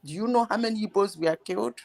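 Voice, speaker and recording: A woman's voice: medium pitch, fast, gravelly, a little mellow. A woman hosting a heated live debate, insistent and emphatic, firing rhetorical questions. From Nigeria.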